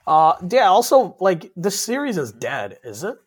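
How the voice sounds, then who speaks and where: A young man talking casually with a friend, high in pitch and swinging wildly up and down as he gets worked up. He swears freely and often trails off mid-thought, then starts again. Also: measured pace, a loud crowd. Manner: excitable, swears a lot, trails off and restarts. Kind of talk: casual chat.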